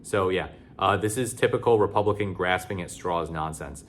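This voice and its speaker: A man delivering casual opinion commentary in a somewhat low voice. He talks sarcastically and bluntly, with loose phrasing, fillers and frequent restarts. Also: moderate pace, a little hiss or hum. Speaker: political commentator.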